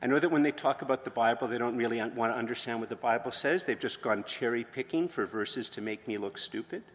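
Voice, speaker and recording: A man, a pastor, preaching a sermon in a conversational way that rises to loud, emphatic proclamations. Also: mid-range voice, fast. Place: church hall with long reverb. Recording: reverberant church hall.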